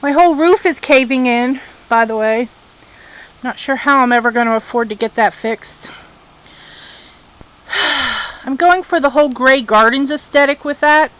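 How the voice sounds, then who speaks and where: A woman's voice: sits high, normal speed, long pauses, fairly bright tone, rough recording. A woman giving a chatty, casual tour of her home garden outdoors, talking to her pets and venting about her losses. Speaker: vlogger.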